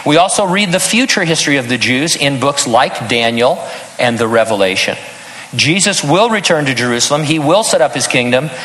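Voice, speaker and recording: A man's voice: mid-range voice, a bit bright, long reverb tail, rough recording. An older man preaching a sermon in an earnest tone, breaking into humorous personal stories. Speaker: pastor.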